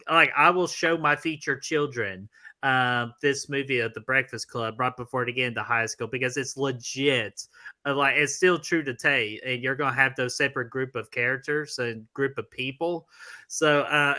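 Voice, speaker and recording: A man co-hosting a casual movie-debate livestream, talking excitably and peppering his speech with fillers and "freaking.". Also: mid-range voice. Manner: excitable, filler-heavy, says "freaking" a lot. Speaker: podcast co-host.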